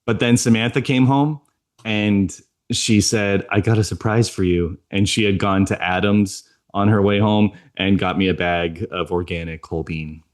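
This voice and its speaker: Man, podcast co-host, casual chat, low voice, chatty storytelling. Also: measured pace. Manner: chatty storytelling, frequent laughs.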